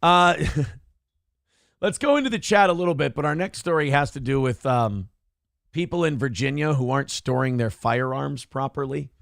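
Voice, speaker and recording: A man's voice: mid-range voice, moderate pace, creaky, a bit bright, dry recording, studio quality. A man hosting a livestream talk show. He reads viewer comments aloud and rants with plenty of profanity. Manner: ranting and profane. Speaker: live show host.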